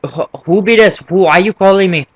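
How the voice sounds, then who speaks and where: A man's voice: high voice, fairly quick, dry recording, voice pushed up. A teenage boy putting on a rude, hostile grown man who answers a phone call and swears. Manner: blunt and hostile.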